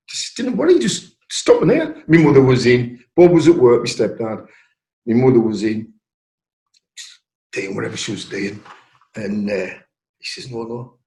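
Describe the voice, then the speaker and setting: Brief: older man, North East English accent, mid pitch, anecdotal interview in a roomy space. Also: vocal fry. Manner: lively storyteller acting out quoted voices. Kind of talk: anecdotal storytelling. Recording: roomy echo.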